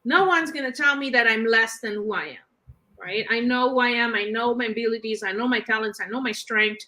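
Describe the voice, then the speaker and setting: A woman's voice: a little high, fairly quick, pushed and bright, poor audio. A woman co-hosting a casual conversation, an emphatic storyteller who acts out the dialogue she quotes. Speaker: end of life doula, co-host.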